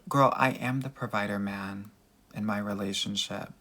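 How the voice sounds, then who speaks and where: A man's voice: fairly low pitch, steady tone, moderate pace, sharp tone. A man working as a dating coach, answering viewer comments in a chatty livestream Q&A with a Valley Girl voice and mannerisms, calling everyone girl and honey.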